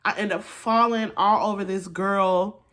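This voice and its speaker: A young woman chatting through a storytime while doing her makeup, with animated asides to her viewers, recorded on a phone at home. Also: mid-range voice, measured pace. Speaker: beauty vlogger. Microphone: phone camera.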